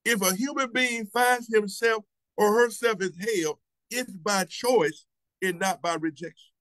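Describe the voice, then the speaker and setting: A man, a church elder, preaching a sermon over a video call, asking rhetorical questions, repeating himself and slowing down to stress his points. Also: high-pitched, a bit bright, no echo, rough recording.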